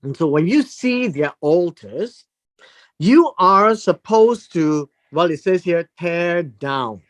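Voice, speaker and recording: Slow, lively-pitched Bible teacher. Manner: deliberate, emphatic, explains word meanings with repetition.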